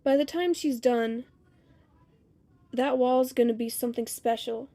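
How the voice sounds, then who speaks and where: A woman voicing a wise, plainspoken old woman who talks quietly and knowingly, in a storybook reading. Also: on the high side, measured pace.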